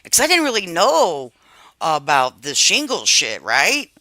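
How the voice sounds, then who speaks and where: A woman in her fifties hosting a live stream, chatting casually with her viewers in an animated, confiding way and swearing freely. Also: on the low side, a little slow, no echo. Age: 50s.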